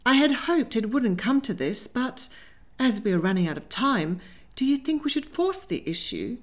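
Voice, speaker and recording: A woman's voice: fairly high pitch, big pitch swings, moderate pace, voice pushed up. A woman voicing a worried middle-aged genteel mother who speaks in a fretful, conciliatory way.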